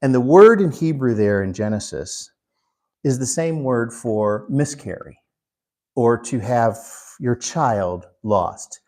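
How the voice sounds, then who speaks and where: A man teaching a Bible class in an unhurried way, putting questions to the class. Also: medium pitch, expressive, darkish tone. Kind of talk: interactive Bible class lesson.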